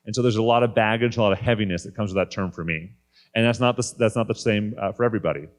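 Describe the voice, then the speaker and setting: Brief: man, thirties, lowish register, candid conference speaker telling a personal story. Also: racing. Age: 30s. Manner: candid, conversational. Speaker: guest speaker. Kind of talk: personal faith talk. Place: conference stage.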